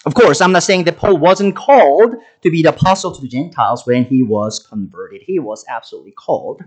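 A man's voice: on the high side, lively intonation, fairly quick, rough recording. A man preaching a sermon, talking with many fillers and restarts. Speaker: pastor.

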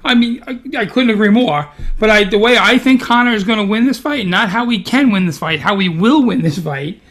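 A man in casual sports chat, animated and opinionated, joking as he argues his points. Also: high voice, a little fast. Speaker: podcast co-host.

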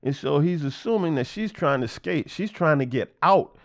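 A man teaching a Bible lesson, reading verses aloud and then retelling them in plain everyday words, often pausing with ums and restarts. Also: on the high side, animated. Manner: hesitant, with frequent ums, uhs and restarts. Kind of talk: casual scripture reading and commentary.

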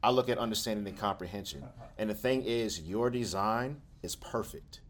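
Low-pitched man, earnest and emotional, casual heartfelt group chat. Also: normal speed. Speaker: support group co-founder. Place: hotel room with a group.

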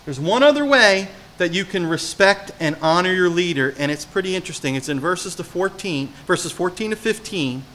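A man from New Jersey preaching a sermon as pastor, telling animated stories and putting questions to the congregation. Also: sits high, normal speed, hardly any pauses.

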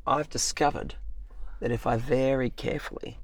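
A man's voice: mid-range voice, normal speed, no echo. A man, co-hosting a casual chat show and telling playful stories. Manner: lively, playful storyteller. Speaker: co-host.

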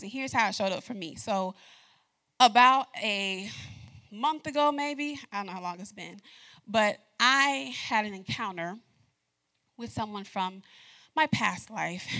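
Bright, lively woman preaching. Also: medium pitch, a little slow. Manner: lively, laughs often, talks straight to the congregation. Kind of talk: sermon.

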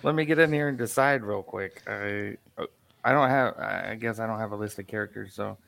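A man's voice: fairly low pitch, moderate pace, vocal fry, fairly bright tone, no echo. A man acting as guest moderator on a podcast, hesitant and stumbling over his words. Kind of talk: casual comedic chat.

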